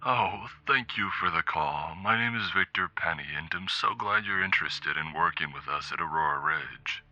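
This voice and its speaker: A man's voice: deep voice, normal speed, bright, forceful tone. A man voicing a polite, enthusiastic man with an old-fashioned lilt, heard over a phone call. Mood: eager, polite. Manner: enthusiastic, courteous.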